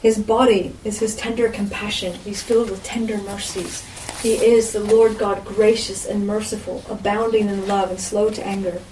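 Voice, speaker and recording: A woman's voice: mid-range voice, flat delivery, moderate pace, mellow. A woman giving an informal sermon as a Bible teacher, with a conversational manner and frequent asides to her listeners. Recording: roomy echo, distant mic, faint background noise.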